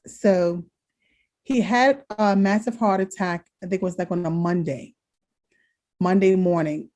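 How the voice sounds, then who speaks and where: A woman co-hosting a podcast, telling a family story in casual chat, animated and laughing often. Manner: animated, laughs often, jumps high when quoting herself. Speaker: podcast co-host.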